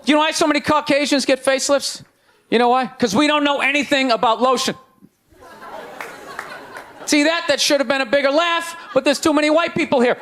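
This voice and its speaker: High-pitched ranting stand-up man. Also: fairly quick, long pauses, background noise. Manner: loud ranting delivery, sarcastic. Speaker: stand-up comedian. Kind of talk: stand-up routine. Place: comedy stage before a live audience. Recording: live show with crowd laughter.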